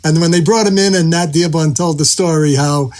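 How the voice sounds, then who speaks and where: A man with a slightly higher-than-average voice swaps behind-the-scenes stories in a relaxed podcast conversation. He slips into quoted dialogue as he talks, and his delivery stays easygoing. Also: fairly quick. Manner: storytelling, acts out quoted lines. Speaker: executive producer and head writer.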